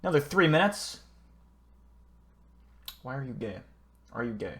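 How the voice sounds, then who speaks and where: Streamer guy rambling and swearing, bit of gravel in his voice. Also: mid-range voice, big pitch swings, a little slow, sharp tone. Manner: rambling, profane, joking. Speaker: livestream host. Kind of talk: casual live-stream chat.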